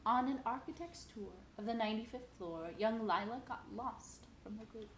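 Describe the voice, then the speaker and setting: A woman's voice: a little high, moderate pace, reverberant, a little hiss or hum, rough recording. A woman reading a children's picture book aloud at home, sing-song and playful, talking to a toddler between pages.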